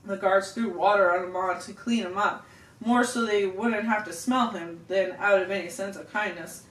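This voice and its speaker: A woman reading a story aloud to her children at home, steady with small slips and restarts. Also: medium pitch, moderate pace. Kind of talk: family storybook read-aloud. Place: home room. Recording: roomy home room, distant mic, faint hiss.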